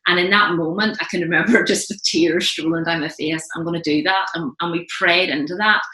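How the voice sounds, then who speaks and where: Bright-voiced woman, echoey room. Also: on the low side, fairly even intonation. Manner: earnest, halting, many restarts. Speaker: interview guest. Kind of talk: casual interview, personal testimony. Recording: roomy echo.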